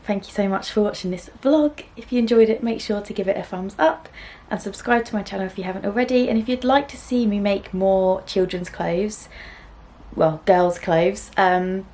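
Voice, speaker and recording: Young woman, home sewing vlogger, gentle and chatty with soft laughs, talking straight to camera. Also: medium pitch, normal speed. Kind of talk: casual chat to camera. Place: small room at home.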